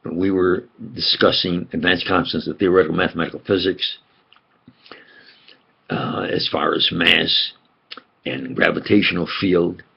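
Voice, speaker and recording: An older man with a New York accent, speaking in a slow, halting, rambling monologue full of fillers and restarts. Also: sits low, level tone, gravelly, slightly rough, lo-fi sound. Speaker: channel host.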